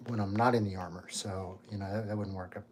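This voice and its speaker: A man's voice: fairly low pitch, steady tone, fast talker, background noise. A man hosting a casual live Q&A about his costume armor, talking in a rambling, chatty way with lots of fillers while he takes the armor off. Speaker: cosplay channel host.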